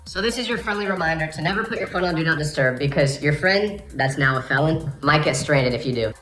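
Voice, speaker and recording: A man's voice: fairly high pitch, fast talker, soft background music. A man telling funny stories from his life in a comedic storytime monologue, breaking into exaggerated outbursts. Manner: animated, jumps to exaggerated outbursts.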